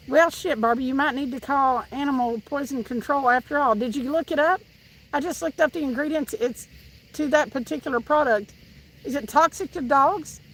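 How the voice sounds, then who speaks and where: A Tennessee woman with a high, fairly bright voice and a Southern accent hosts a live stream, reading the chat aloud while she fishes outdoors by the water. She's chatty and laughing, often restarting her sentences as she talks casually with viewers. The recording is rough.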